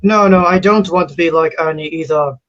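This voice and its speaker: High-voiced man, halting, lo-fi audio. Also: crowd noise. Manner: halting, repetitive, full of fillers. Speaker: online panel guest. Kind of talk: livestream panel talk. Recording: dull lo-fi stream audio.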